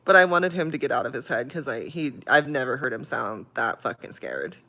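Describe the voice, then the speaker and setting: A woman talks loosely to her livestream viewers, her speech full of swearing and frequent laughter. She moves through a personal story with plain emotion, sometimes soft and heavy, sometimes laughing. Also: rumbling low, expressive, fairly quick. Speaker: livestream host. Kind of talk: casual livestream chat.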